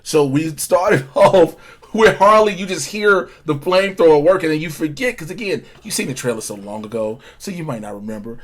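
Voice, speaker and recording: Dude cohosting, high voice that bounces all over, joking and cussing a lot. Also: male voice, expressive, brisk. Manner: loud, playful, jokey and profane. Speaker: co-host of a TV episode review show. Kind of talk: casual chat.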